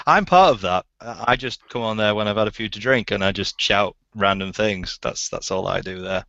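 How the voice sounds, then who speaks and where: A man's voice: lowish voice, moderate pace, creaky, bright, forceful tone, no room sound. A man hosting a casual online interview show, rambling, giggling and stumbling over his words. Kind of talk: casual chat. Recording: dull, dry lo-fi audio.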